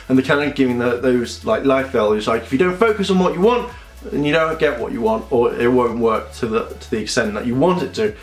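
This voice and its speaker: A young man, chatting casually as a video reviewer and acting out scenes in quick little voices. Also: mid-range voice. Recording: echoey room with faint music.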